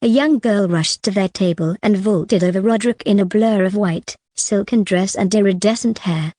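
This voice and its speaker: Mellow woman narrating an audiobook. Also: medium pitch, moderate pace, no echo, studio quality. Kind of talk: scripted fantasy narration.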